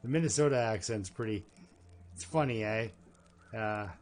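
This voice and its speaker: A man's voice: on the low side, moderate pace, slight background noise. A man with a Canadian accent giving chatty, rambling gameplay commentary as a streamer, talking to his chat and to himself.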